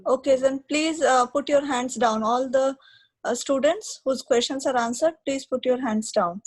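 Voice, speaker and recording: Polite high-voiced woman moderating a class. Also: moderate pace, breathy edge, poor audio. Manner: polite, organizing. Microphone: video call.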